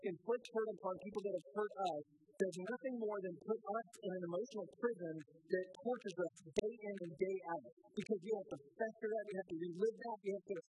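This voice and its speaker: A man's voice: high-pitched, fairly quick, dark tone, slight background noise, rough recording. A man preaching a sermon as a pastor, speaking earnestly and often repeating words as he restarts phrases.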